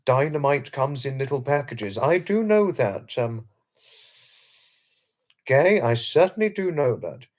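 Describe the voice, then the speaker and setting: A man's voice: mid-range voice, lively intonation, measured pace, long pauses, darkish tone. A British man hosting a late-night livestream, reading out viewer comments and answering them in a chatty, repetitive, emphatic way. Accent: British English. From England. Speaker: livestream host.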